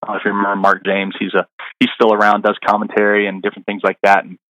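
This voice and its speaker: A man's voice: lowish voice, monotone, very fast, bright, forceful tone, no echo, rough recording. A middle-aged man, a caddie guest on a podcast, telling stories in a rambling casual way, full of fillers and restarts. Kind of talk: casual interview storytelling.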